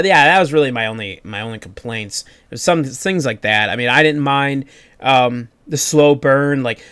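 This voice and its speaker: An excitable man hosting a casual review podcast. He swears freely and jumps into animated retellings of his own reactions. His voice sits mid-range and is recorded dry and close. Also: mid-range voice, no room sound. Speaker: podcast host.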